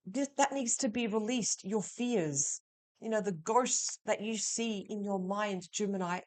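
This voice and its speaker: A woman giving a weekly tarot reading, talking straight to the listener in a reassuring way. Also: medium pitch. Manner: reassuring, addresses the listener directly. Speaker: tarot reader.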